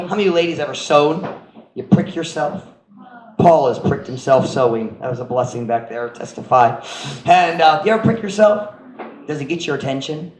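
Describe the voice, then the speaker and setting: A middle-aged man preaching a sermon as pastor, animated, acting out voices and sound effects and mixing in Cebuano phrases. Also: fairly high pitch. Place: church sanctuary. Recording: echoey church room with faint noise.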